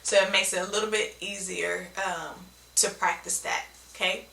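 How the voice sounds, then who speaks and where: A woman explains speech therapy techniques in an instructional video. Her voice is bright and forceful with a gravelly edge, and she keeps checking in with "okay?". She sounds a little far from the mic in a roomy, echoing space. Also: mid-range voice, fairly even intonation, normal speed.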